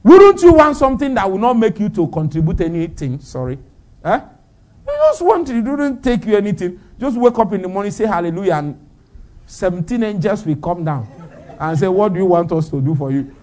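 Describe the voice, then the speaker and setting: A man's voice: sits high, very animated, fairly quick, a little mellow. A man preaching a sermon, firing off rhetorical questions and breaking into laughter.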